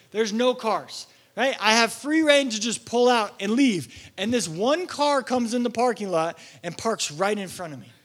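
A man's voice: high voice, fairly bright tone. A young man preaching a sermon as pastor, telling stories animatedly and acting out his own exasperation.

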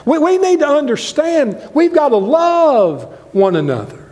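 An older man preaching a sermon as a guest preacher in a church, impassioned, swinging between loud highs and quiet lows. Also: very animated, unhurried. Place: church sanctuary. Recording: long reverb of a church hall.

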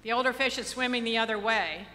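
A woman pastor delivers a sermon in a bright, somewhat high voice. She speaks earnestly, slowing down on key phrases and slipping into casual asides. Her voice carries a long reverb from the church around her.

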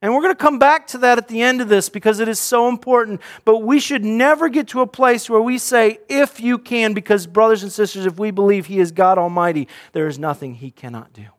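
A male pastor delivers a sermon in a high voice for a man. He speaks earnestly and directly, often repeating a word or restarting a phrase before pressing on. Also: a little fast, hardly any pauses.

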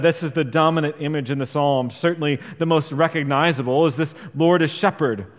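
Earnest man preaching in an echoing hall. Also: a little high. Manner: earnest, swells louder on key points and drops quiet on scripture. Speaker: pastor. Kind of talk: sermon. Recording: long reverb of a large hall.

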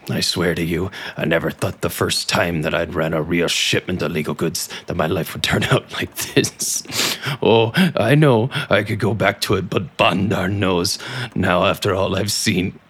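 An actor playing a gruff, drunken male elf boat captain and former smuggler with a deep gravelly voice, slurring and gloomy, in an audio drama. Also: fairly bright tone, full character voice. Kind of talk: audio drama podcast acting. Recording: faint background music.

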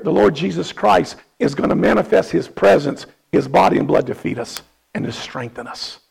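Hoarse, gravelly pastor preaching. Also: male voice, high voice, lively intonation, moderate pace, darkish tone, low-quality recording. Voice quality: raspy, gravelly. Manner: impassioned, rising to emphatic questions. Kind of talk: sermon.

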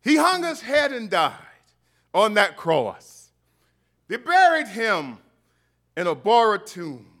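A man preaching a fervent sermon in a strikingly high, bright voice. His delivery swings widely in pitch and rises to shouted refrains that call on the congregation. He takes his time, with faint music underneath. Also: big pitch swings, takes it slowly. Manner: impassioned, builds to shouted refrains with call-and-response.

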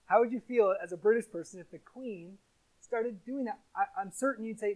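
A man preaching a sermon, putting stress on his words, slowing on key phrases and putting questions to his listeners. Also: high voice. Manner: emphatic, asks the listeners rhetorical questions.

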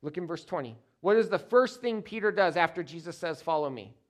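A man who is a pastor, preaching a sermon in an emphatic style with dramatic pauses, repeated phrases, and wide swings between loud stresses and quiet, low endings.

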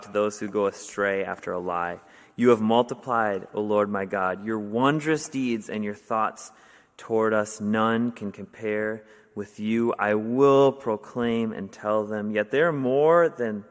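Casual young male preacher in reverberant hall. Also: on the low side. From Wisconsin, US. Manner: casual, conversational with many fillers, animated when telling stories. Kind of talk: sermon.

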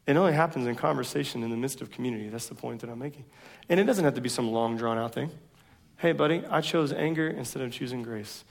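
A man's voice: medium pitch, quick pace, vocal fry. A man in his thirties preaching a sermon, telling self-deprecating stories in a casual, slangy way. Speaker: pastor.

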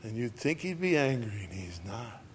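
A man preaching a sermon in a slow, folksy way, repeating phrases and lifting his voice at high points. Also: very animated, a little hiss or hum. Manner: slow, folksy, repetitive preaching with sudden lifts in voice. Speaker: pastor.

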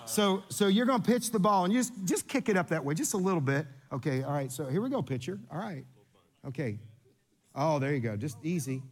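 Male pastor, high-pitched tenor, playful and interactive sermon delivery in a church. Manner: lively, interactive, playful with congregation. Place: church sanctuary.

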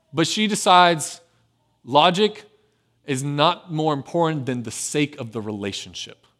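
A pastor delivers a sermon in a somewhat high male voice, sinking to a soft, tender hush before climbing back up, loud and urgent.

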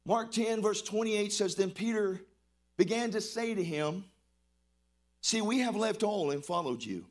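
A middle-aged man preaching a lively sermon, calling on the congregation to respond and shouting praises. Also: sits high, measured pace. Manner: exuberant, call-and-response preaching. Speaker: pastor.

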